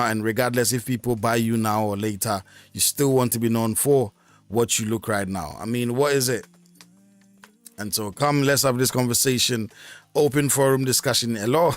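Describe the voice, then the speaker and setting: A man's voice: mid-range voice, dry recording. A man hosting a live music stream, talking casually on his own and rambling with many fillers and restarts.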